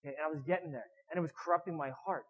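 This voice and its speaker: A man preaching a sermon, animated, acting out whiny voices with sudden loud and soft turns. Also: on the high side, very fast, slightly rough, long reverb tail, poor audio.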